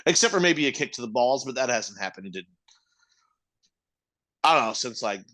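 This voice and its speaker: A man's voice: mid-range voice, lively intonation, normal speed, pushed and bright. A young man co-hosting a podcast in casual chat, rambling loosely and swearing freely. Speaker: podcast co-host.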